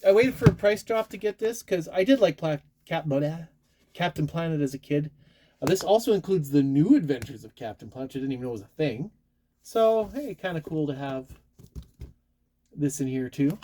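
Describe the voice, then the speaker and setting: A man's voice: a little high, animated, moderate pace, mellow, a little hiss or hum. A married man, chatting casually as a collector showing off his latest purchases. He rambles, restarts words and pokes fun at himself. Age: adult, married. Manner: rambling and self-deprecating, with frequent restarts. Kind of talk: casual chat.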